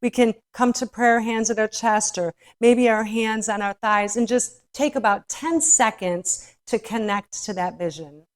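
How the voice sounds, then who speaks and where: A woman's voice: a little high, unhurried, hardly any pauses. A woman leading a guided yoga class, soothing and encouraging, a little out of breath as she demonstrates poses. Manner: soothing, encouraging, spiritual phrasing with frequent "right?". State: slightly out of breath. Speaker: yoga instructor.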